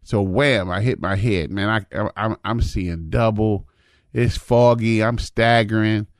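Man, 50s, very low voice, dry close sound; easygoing folksy storyteller. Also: fairly even intonation, unhurried, no room sound. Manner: folksy, repetitive, says "man" and "you know what I mean". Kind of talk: casual storytelling monologue.

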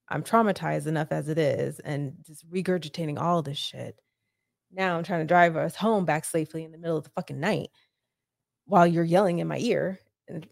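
In a clean, echo-free studio, a woman with a low, darkish voice and vocal fry appears as a podcast guest. She recounts a painful family story bluntly and profanely, her urgency building as it goes.

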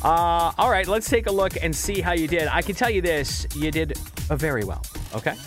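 A man's voice: a little high, a little fast, music in the background. A man hosting a radio morning show from a studio microphone, chatty and reacting with mock outrage as he reads texts and runs a quiz. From Canada. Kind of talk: casual radio chat.

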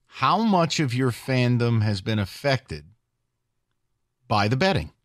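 A man co-hosting a sports talk podcast, opinionated and lively, posing questions to listeners. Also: medium pitch, takes it slowly, no echo, studio quality. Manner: animated, opinionated, rhetorical questions.

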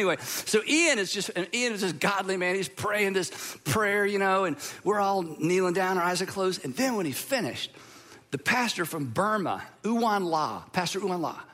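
Bright-voiced pastor preaching conversationally. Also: male voice, high voice. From Georgia, USA. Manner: conversational storytelling, with repeats and restarts. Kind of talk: sermon.

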